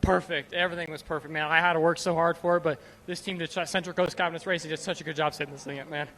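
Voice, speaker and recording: A young male race driver speaks in a quick, bright, high voice, tripping over his words. He sounds emotional and short of breath, interviewed outdoors by the track. Faint noise sits behind him. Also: little pitch movement. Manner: rushed, stumbling, repeating words.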